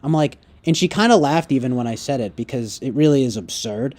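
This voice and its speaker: A man's voice: mid-range voice, brisk, darkish tone. A man ranting casually, rambling and profane, with heavy fillers. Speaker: streamer. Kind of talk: casual rant.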